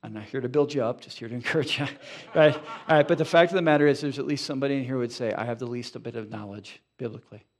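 A male pastor preaching a sermon in a church, animated and conversational, with frequent asides to the congregation. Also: medium pitch, very fast, few pauses. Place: church sanctuary.

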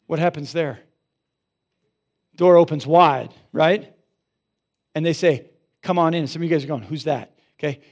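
Man, pastor, sermon, gravelly, somewhat high voice, church. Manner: animated storytelling, rising loud for emphasis, dropping soft in prayer. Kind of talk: sermon with storytelling and prayer. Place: church sanctuary.

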